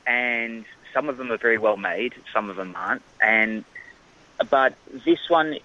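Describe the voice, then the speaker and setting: An Australian actor being interviewed in casual chat, rambling with frequent restarts and fillers. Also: male voice, medium pitch, a little slow, pushed and bright, muffled recording. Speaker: actor guest.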